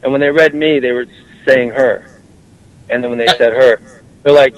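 A man's voice: medium pitch, steady tone, normal speed, long pauses, low-quality recording. A man hosting a comedic call-in talk show, brash and joking, swearing freely and rambling. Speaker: host.

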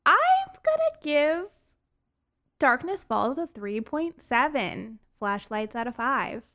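A woman's voice: high voice, very animated, takes it slowly, fairly bright tone. A woman co-hosting a podcast, reviewing a horror movie in casual chat, with lots of fillers and giggles. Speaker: podcast co-host.

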